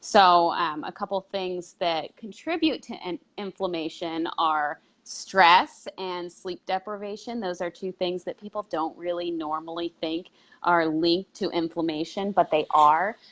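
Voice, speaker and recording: A woman co-hosts a casual live health stream, talking conversationally but hesitantly, with fillers and restarts. Her voice is lowish and fairly bright, with fairly even intonation and a slightly slow pace.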